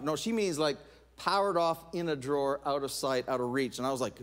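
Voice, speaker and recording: A middle-aged man preaching a sermon, telling stories in an animated way, with laughs and restarts. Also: fairly high pitch, fairly quick. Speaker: pastor.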